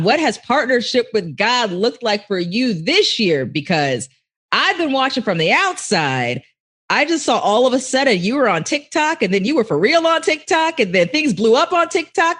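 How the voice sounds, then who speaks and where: A woman hosting a faith-based business podcast, upbeat and quick, laughing easily. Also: medium pitch. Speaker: podcast host. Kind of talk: podcast interview chat.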